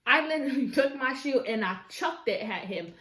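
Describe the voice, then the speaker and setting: A woman telling a story casually while eating on camera at home, chatty and expressive, with slangy asides to her viewers. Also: sits high, moderate pace. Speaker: mukbang vlogger. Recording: echoey room.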